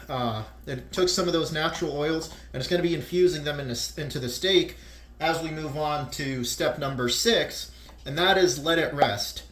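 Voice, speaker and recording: Man, cooking channel host, casual tutorial, home kitchen, camera on a tripod, bright voice. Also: a little high. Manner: chatty, loose, talks to viewers while eating. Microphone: camera mic on a tripod.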